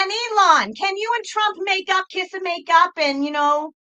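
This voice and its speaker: High, bright-voiced swearing woman. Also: normal speed, few pauses, low-quality recording. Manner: profane, exasperated ranting; talks back to chat viewers. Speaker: psychic livestream host. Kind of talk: livestream chat.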